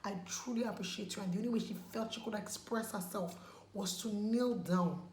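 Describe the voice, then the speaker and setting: A woman's voice: mid-range voice, quick pace, a little mellow. A woman chatting casually in a vlog while taking off her makeup, emphatic and pleading, repeating words for stress. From Nigeria. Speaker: vlogger. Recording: echoey room, faint background noise.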